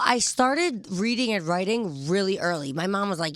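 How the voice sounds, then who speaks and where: A young woman chatting quickly and cheerfully as a guest in a radio studio interview. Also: medium pitch, animated, fairly bright tone. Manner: chatty and quick, laughs easily. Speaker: guest rapper. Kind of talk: casual interview chat.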